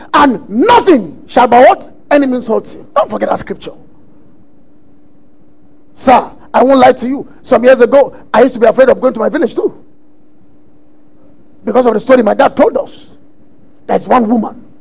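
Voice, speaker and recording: A man preaching a sermon, emphatic and often shouting lines as he acts out quotes. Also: extremely high pitch, creaky, breathy edge.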